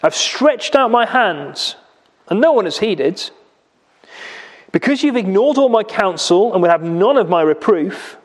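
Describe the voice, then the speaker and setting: A man's voice: sits high, long reverb tail. A man preaching a sermon in a church, explaining a passage with rhetorical questions and vivid retelling.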